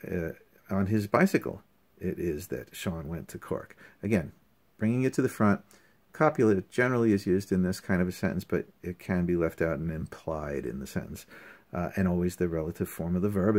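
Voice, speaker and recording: A man talking through a language lesson in a casual recap, halting often with fillers and restarts and sounding out words slowly. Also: low voice. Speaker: language learner reviewing lessons.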